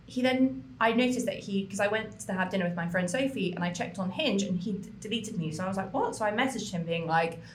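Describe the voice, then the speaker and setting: Animated woman telling a story, swearing freely. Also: medium pitch, fast talker, few pauses, reverberant, slight background noise. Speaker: podcast co-host. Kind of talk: casual chat.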